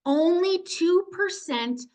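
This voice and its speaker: A woman's voice: very high-pitched, animated, slow pace, darkish tone. A woman presenting a video-call workshop, talking to her audience with enthusiasm and urging them to join in. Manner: enthusiastic, upbeat, direct to audience. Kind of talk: energetic webinar teaching.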